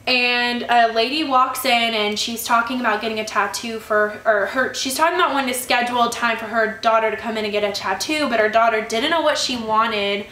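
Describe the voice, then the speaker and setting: A woman's voice: on the high side, bright, forceful tone, a little hiss or hum. A young woman vlogger telling a story in a casual, chatty way that turns into an annoyed rant. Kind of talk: casual chat vlog. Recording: echoey room.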